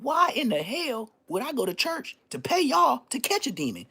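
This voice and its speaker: A man hosting his own live stream, telling a story in a loose, profane way and jumping into high-pitched exclamations. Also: huge pitch swings, normal speed, vocal fry, sharp tone, slightly rough. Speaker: livestream host.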